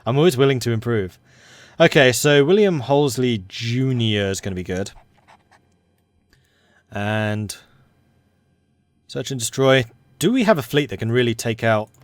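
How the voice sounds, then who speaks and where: A man talks through his moves in a strategy game, muttering and second-guessing himself as he plays. His voice sits at an ordinary middle pitch and often trails off quietly at the ends of phrases. The sound is dry, with no room echo. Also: expressive, a little slow, long pauses. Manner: thinks aloud, muttering and correcting himself. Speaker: game streamer. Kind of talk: casual gameplay commentary.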